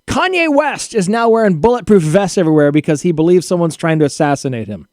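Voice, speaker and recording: Male live-stream host, brisk and quick, fairly high voice, dry close sound. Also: sing-song, darkish tone, no echo. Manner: brisk, runs through news items. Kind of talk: casual live-stream chat. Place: home.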